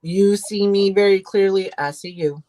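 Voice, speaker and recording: A woman's voice: medium pitch, moderate pace, dark tone. A woman co-hosting a podcast in casual chat, telling a story earnestly and speaking with affection. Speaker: podcast co-host.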